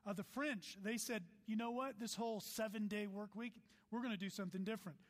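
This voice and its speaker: A man preaches with a high, bright voice that rises and falls eagerly. He breaks off for playful asides and read-out quotes. His words carry long reverb through a large hall. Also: steady tone, a little fast. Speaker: pastor. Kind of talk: sermon.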